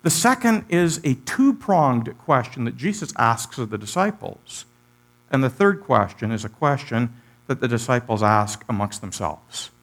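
Animated preacher, man. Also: unhurried. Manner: animated, rhetorical questions to the congregation, big pitch swings. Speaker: pastor. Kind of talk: sermon.

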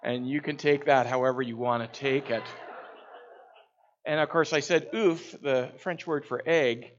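A man speaks at an ordinary, middle pitch, telling a story in a calm, reflective way. He pauses often with small fillers as he thinks. The recording sounds a bit muffled and dull. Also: slight background noise. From Canada. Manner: unhurried, with frequent "uh" pauses.

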